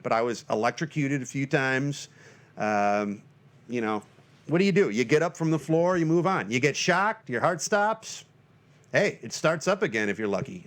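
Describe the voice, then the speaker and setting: A man hosting his own podcast, talking in a jokey, rambling, self-deprecating way in a casual monologue. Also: on the high side. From Northern Michigan. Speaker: podcast host.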